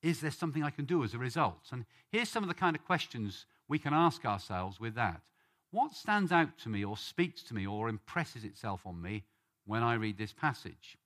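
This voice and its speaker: A man's voice: medium pitch, sing-song, normal speed, fairly bright tone. A man from Britain giving an earnest sermon-style Bible teaching and leading a study group. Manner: earnest, rising on questions and names.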